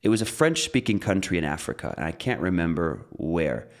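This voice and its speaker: Deep-voiced man teaching pronunciation. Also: brisk. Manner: relaxed, explains with examples and repeats phrases. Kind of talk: casual spoken lesson.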